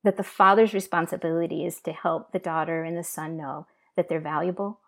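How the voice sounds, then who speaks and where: A woman speaks as a guest in an interview, sharing a deeply personal testimony with earnest feeling. Her voice sits low and carries a gravelly fry, and she often stops and restarts her sentences. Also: fairly even intonation, fairly quick, fairly bright tone.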